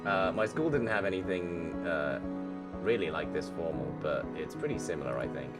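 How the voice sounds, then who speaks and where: A man voicing a calm, firm father in a story game, speaking in a low, steady fatherly tone. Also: moderate pace, loud music behind the voice. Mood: fond.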